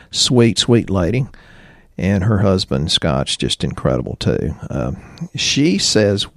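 A man's voice: fairly low pitch, no echo, clean studio sound. A man, co-hosting a health podcast in a folksy, rambling, joking way. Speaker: podcast co-host. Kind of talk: casual health podcast chat.

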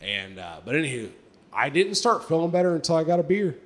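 A man co-hosting a podcast, telling a long story in casual chat, swearing often and jumping high in pitch when he quotes himself. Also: brisk. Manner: profane, animated storytelling, pitch jumps high on quoted lines. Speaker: podcast co-host.

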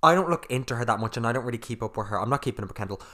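Fast-talking blunt man on a podcast. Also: mid-range voice, animated, bright, forceful tone. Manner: blunt, sweary and opinionated. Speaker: podcast co-host. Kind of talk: casual chat.

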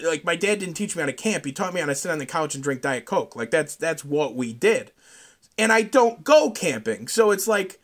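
A man hosting a solo podcast, telling a profane, rambling story that climbs into loud outbursts. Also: high voice. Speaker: podcast host.

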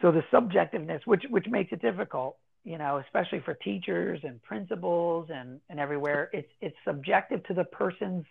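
A man talking casually as an interview guest, explaining in an animated way and acting out children's voices as he goes. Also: sits high, brisk, creaky, few pauses, breathy edge. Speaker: guest, anti-bullying educator. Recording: tinny phone-like line.

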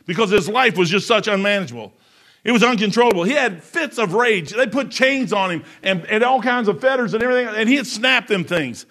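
A man preaching a sermon in a folksy, emphatic way, swinging between loud outbursts and hushed low passages.

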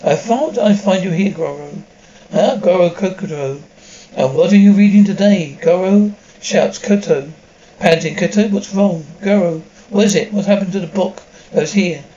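A man's voice: sits high, moderate pace, warm tone, highs cut off. A man reading a dubbed drama aloud, speaking the sound cues between the lines.

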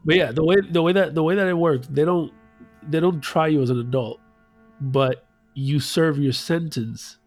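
A man's voice: on the high side, moderate pace, soft background music. A man retelling a story in casual chat, loose and profane, acting out the voices.

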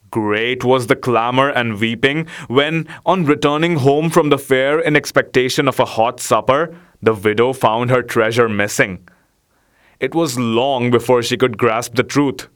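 Clear-voiced male storybook narrator. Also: medium pitch, a bit bright.

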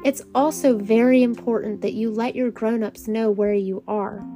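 A woman reading a bedtime story aloud to children, gentle and calm. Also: on the high side, moderate pace, faint music behind. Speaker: storybook reader.

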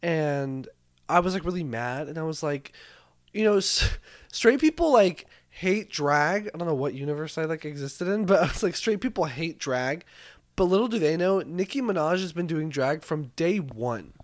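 A young man co-hosting a podcast, chatting casually in an animated, joking way and swearing freely. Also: on the high side, moderate pace. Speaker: podcast co-host. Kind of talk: casual chat.

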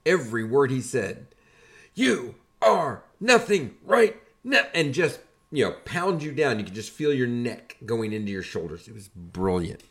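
A man's voice: medium pitch, moderate pace. Older man telling army stories. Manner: animated, conversational, builds to punchlines. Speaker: podcast host and army veteran. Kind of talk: casual storytelling.

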